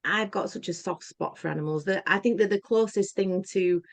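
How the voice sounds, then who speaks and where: A woman's voice: mid-range voice, a little fast, no echo. A woman hosting an interview on a call, eager and chatty, often adding tag questions. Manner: enthusiastic, lots of repeats and tag questions. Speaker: host. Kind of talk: casual interview chat.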